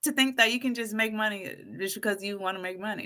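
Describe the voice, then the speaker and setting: Bright-voiced woman hyping up her live stream. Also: mid-range voice, fast, few pauses. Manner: animated, preachy, hypes herself up; keeps addressing viewers as folks. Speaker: YouTube live stream host. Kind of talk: casual live stream chat.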